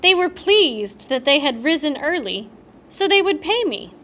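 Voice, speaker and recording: A tall, robust trickster, as a woman puts him on for a storybook, full of mischief and playful talk. He bursts into shrill rooster crows that swing the voice way up, all within a slow, lively telling. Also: full character voice. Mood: mischievous.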